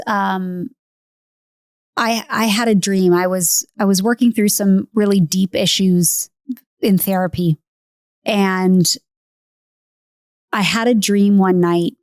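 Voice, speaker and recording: Woman, podcast host, earnest storyteller, mid-pitched, dry close sound. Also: a little mellow, dry recording. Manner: earnest, retells with acted quotes. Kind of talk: casual storytelling.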